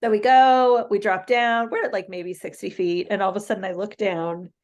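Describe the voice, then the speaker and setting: A podcast co-host tells a travel story in a medium-pitched voice at normal speed. She's casual and animated, laughing mid-story and using lots of fillers.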